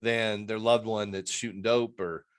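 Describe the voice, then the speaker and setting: A man's voice: lowish voice, steady tone, measured pace. A man who works as an addiction interventionist, a guest on a video-call interview, talking in an earnest, rambling way and acting out the people he quotes.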